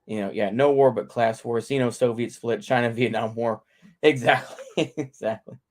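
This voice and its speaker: A man's voice: medium pitch, moderate pace. A middle-aged man from North Texas, hosting a casual livestream and ranting in a rambling, profane way that keeps circling back to the same points. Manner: profane, rambling, repeats himself. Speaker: livestream host.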